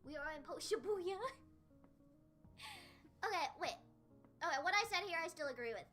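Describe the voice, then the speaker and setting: Excitable high-voiced young woman streamer. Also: moderate pace. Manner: excitable, bursts into squeals and laughter. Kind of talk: casual anime discussion livestream. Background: faint background music.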